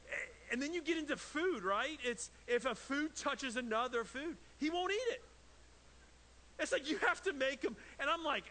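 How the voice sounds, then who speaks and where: A man's voice: extremely high pitch, expressive, normal speed, pushed and bright, long reverb tail, a little hiss or hum. A man in his thirties preaching a sermon in a church, telling stories in a conversational way and acting out his young son and himself. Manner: conversational storytelling, mimics his toddler and himself. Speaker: pastor. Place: church sanctuary.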